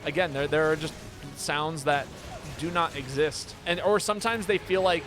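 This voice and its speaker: A man's voice: on the high side, normal speed, over music. A man streaming a game and chatting casually, rambling with lots of restarts and filler phrases. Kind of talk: casual chat while gaming.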